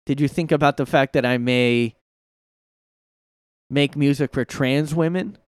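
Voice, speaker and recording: A man doing a mocking impression of a female pop singer, speaking higher and more emphatically than he normally does. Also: measured pace, smooth, no room sound, studio quality, lightly acted. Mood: defensive.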